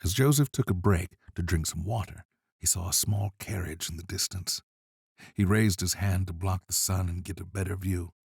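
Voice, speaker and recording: Very deep-voiced male storyteller. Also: creaky, darkish tone, breathy edge, no room sound. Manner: measured, dramatic. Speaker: narrator. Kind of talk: scripted storybook narration.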